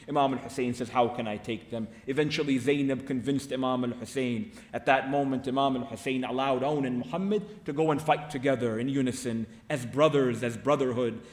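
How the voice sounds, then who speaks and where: A man preaching at a mourning gathering, telling the story with passion and voicing each character's words himself. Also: mid-range voice. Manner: impassioned storytelling, acting out the dialogue of the story. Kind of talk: sermon. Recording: echoey hall sound.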